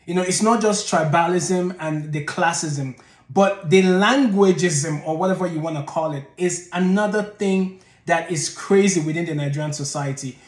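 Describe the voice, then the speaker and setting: A man with a notably high voice gives his opinions to the camera in a commentary vlog. He talks emphatically and often catches himself mid-sentence to rephrase. The room around him is roomy and echoey. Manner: emphatic, reframes and restarts mid-thought. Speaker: channel host.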